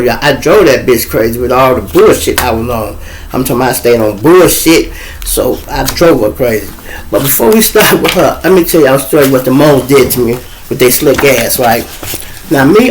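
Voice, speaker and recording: A man's voice: mid-range voice, gravelly, slight background noise. A middle-aged man with a Chicago accent, hosting his show and telling loose, joking stories in raw street talk. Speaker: show host. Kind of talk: casual storytelling monologue.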